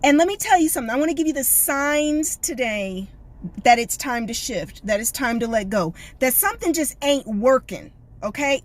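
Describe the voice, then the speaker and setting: A high-voiced woman hosts a live motivational stream at an unhurried pace. She talks in a folksy, sassy way and builds her points through preacher-like repetition. She also greets her viewers one by one by name. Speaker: life coach hosting a live stream.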